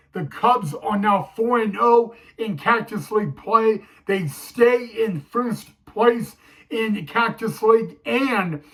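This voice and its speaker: A man's voice: high voice, bright, forceful tone, rough recording. A man recapping a game for his fan vlog, emotional and teary, repeatedly calling his viewers "guys.". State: teary, choked up. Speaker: sports fan vlogger.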